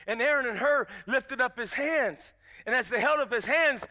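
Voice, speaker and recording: A man preaching a sermon with a strikingly high voice. His tone is very bright and sharp, and he tells his stories with rising, emphatic energy. He sounds like a pastor in his fifties. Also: normal speed.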